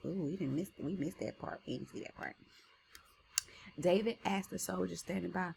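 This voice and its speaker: A woman teacher reading a story aloud to students, with animated, slangy asides between soft read passages. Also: fairly low pitch, moderate pace, creaky, slight background noise.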